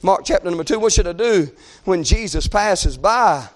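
A male preacher giving a fervent sermon, breaking into shouts and dropping to hushed tones. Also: high voice, expressive, normal speed. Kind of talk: revival sermon.

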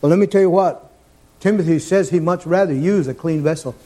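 A man preaching a fervent sermon in a church, sometimes rising to shouts. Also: a little high, a little fast.

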